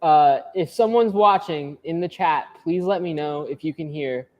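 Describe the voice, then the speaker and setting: A man's voice: on the high side, normal speed, a little hiss or hum. A man running a livestream, chatty and laid-back, talking to viewers in the chat. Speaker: livestream organizer.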